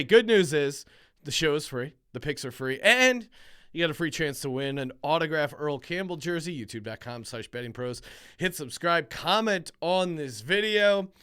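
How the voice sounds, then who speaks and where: Male podcast host, slightly high voice, bright and crisp, rambling self-deprecating storyteller. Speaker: sports betting podcast host. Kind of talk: casual podcast chat.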